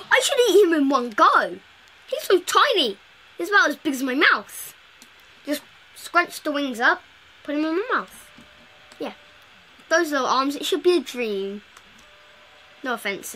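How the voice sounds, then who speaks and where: A woman's voice: high-pitched, sharp tone, a little hiss or hum. A woman giving casual, playful commentary while playing a video game, chatting to the characters on screen. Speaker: gameplay video host.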